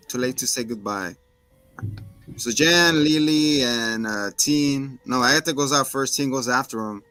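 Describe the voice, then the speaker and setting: A man's voice: mid-range voice, unhurried, bright, forceful tone, no room sound, faint music behind. A man co-hosting a casual chat, animatedly retelling a TV episode and acting out the characters' lines. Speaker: podcast co-host recapping a TV episode.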